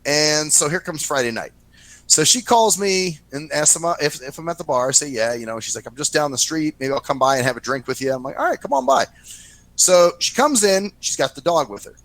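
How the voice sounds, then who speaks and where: A man hosting a casual talk show, telling a story in a profane, lively way and acting out what others said. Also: on the high side, brisk, rough recording. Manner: profane, animated anecdote-telling, acts out quoted voices. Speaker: podcast host.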